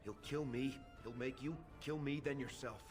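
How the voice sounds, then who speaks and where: An actor playing a young male street thug sidekick who rambles in a wry, dark way. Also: mid-range voice, normal speed, close to an everyday voice. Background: game music.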